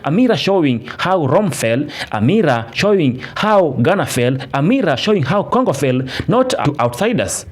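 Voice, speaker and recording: A man's voice: fairly high pitch, very animated, normal speed, hardly any pauses. A man narrating a political commentary, emphatic and repetitive, with restarts. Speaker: channel narrator. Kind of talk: commentary voice-over.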